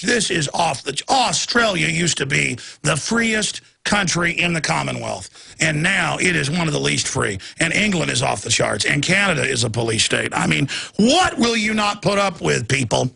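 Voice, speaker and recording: A man with a gravelly, husky voice holds forth as a talk host. His delivery is impassioned and ranting. He breaks into shouted bursts now and then. His voice sits fairly high for a man. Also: sing-song, moderate pace. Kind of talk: ranting political monologue.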